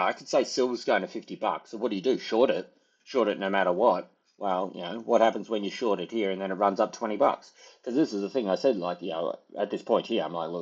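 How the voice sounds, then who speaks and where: A man's voice: deep voice, breathy edge, dull audio. A man, giving casual, rambling market commentary as a trader, full of fillers and hedges. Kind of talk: casual market analysis over charts.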